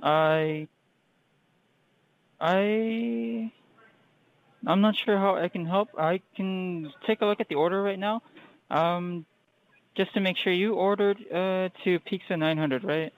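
A high-pitched man speaks slowly with frequent pauses, in poor audio with no room sound. He works at a restaurant and is handling a customer service phone call, answering politely but hesitantly, apologizing and saying "sir" a lot.

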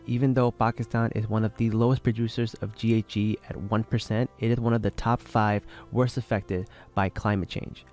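Low, gravelly male reader; earnest scripted appeal over faint music. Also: a little mellow. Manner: slow, earnest reading. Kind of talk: read public appeal.

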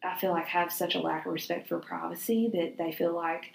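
A woman's voice: lowish voice, little pitch movement, brisk, gravelly, hardly any pauses, roomy sound, low-quality recording. A woman, co-hosting a faith podcast in a chatty, laughing, often sarcastic way. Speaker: podcast co-host. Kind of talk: casual faith podcast chat.

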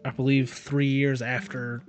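A man in casual conversation, reading old documents aloud haltingly and breaking off with filler asides. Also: medium pitch, flat delivery. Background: music.

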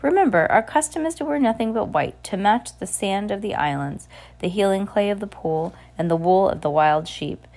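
A woman reading aloud and voicing a genial older male island leader who speaks cordially with gentle authority. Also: medium pitch, lively intonation, moderate pace. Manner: cordial, smooth, gently commanding.

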